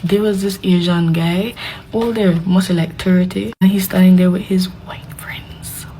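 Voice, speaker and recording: A young woman tells a story casually, animated and dramatic, with hushed asides. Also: lowish voice, a little slow, slight background noise, rough recording. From Belize. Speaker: vlogger.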